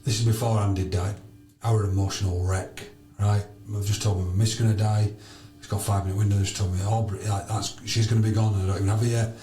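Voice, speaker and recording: A man, a podcast guest telling stories loudly and bluntly, swearing freely. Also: lowish voice, level tone, quick pace, hardly any pauses, faint music behind. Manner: loud, blunt, emphatic. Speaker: podcast guest, charity founder. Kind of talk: animated storytelling with swearing. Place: sauna. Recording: roomy echo.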